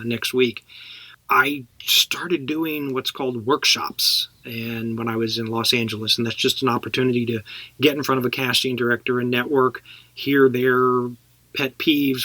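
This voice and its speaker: Bright-voiced middle-aged actor telling stories. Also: male voice, mid-range voice, no room sound. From Texas. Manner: chatty, laughs through his stories. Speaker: actor guest. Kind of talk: casual interview storytelling.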